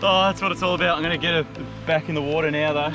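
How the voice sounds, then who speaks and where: An excitable young man talks casually as he films himself fishing on a mangrove beach. His voice sits a little high, and he bursts into loud exclamations. Background music plays clearly under the outdoor sound. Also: very fast. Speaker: fishing adventure vlogger.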